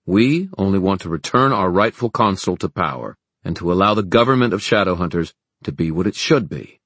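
A man's voice: low-pitched, lively intonation, fairly quick, a bit bright, breathy edge, no room sound, heavily acted. A man voicing an earnest young leader. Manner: earnest, rhetorical.

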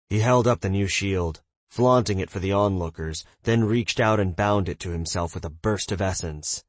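A man narrating a fantasy novel as an audiobook reader, doing the characters' voices himself. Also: no room sound. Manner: reads narration evenly, voices characters with shouts and raised pitch.

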